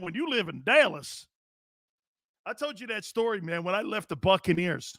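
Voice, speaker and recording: A man hosting a sports talk show in a brash, joking style, reading out chat and giving shout-outs. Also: high-pitched, sing-song, normal speed, dry recording, studio quality.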